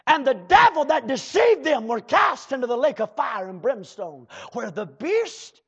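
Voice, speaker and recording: A preacher gives a fiery sermon in a very high, lively, husky voice, calling out to his congregation. He alternates between shouted bursts and slow, drawled asides, and the recording sounds dull and lo-fi.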